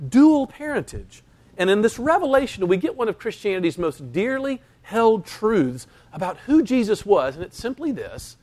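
Preaching with emphasis and animation, this pastor's voice sits high. He acts out quoted lines and slows for dramatic pauses.

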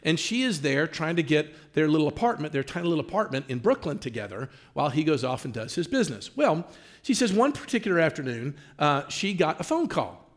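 A man preaching, telling a story in an animated way with lots of "uh" fillers. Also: a little high, fairly quick. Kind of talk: sermon storytelling.

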